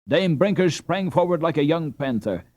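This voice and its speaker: An audiobook narrator reads a classic children's novel from a script, his medium-pitched voice measured and expressive. There's no room sound at all.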